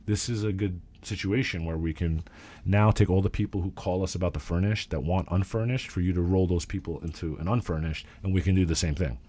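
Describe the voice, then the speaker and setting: A man, a real estate agent, telling animated work stories in casual chat and swearing freely. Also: deep voice.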